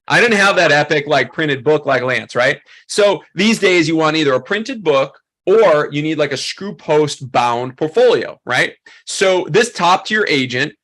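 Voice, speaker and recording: A man in his thirties teaches a photography workshop in a casual, storytelling way. His voice sits a little high and sounds bright and forward. He fills his talk with "um" and "like" and jumps into quoted voices as he goes. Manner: animated, acts out quoted voices, many fillers.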